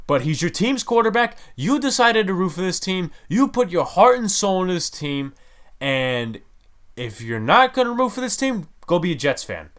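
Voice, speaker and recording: A man's voice: high-pitched, big pitch swings, normal speed, a bit bright. A man hosting a sports podcast, ranting in a heated, exasperated way. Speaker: podcast host.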